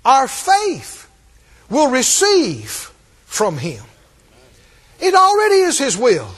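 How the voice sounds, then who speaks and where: A man preaching a sermon, animated and rising to emphatic, shouted points. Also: very high-pitched, slow.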